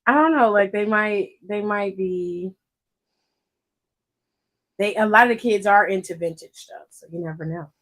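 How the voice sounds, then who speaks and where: A woman's voice: medium pitch, unhurried, pauses often, a bit bright. A woman co-hosting a wrestling podcast, chatting casually with lots of fillers and giggles. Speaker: podcast co-host. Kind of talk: casual chat.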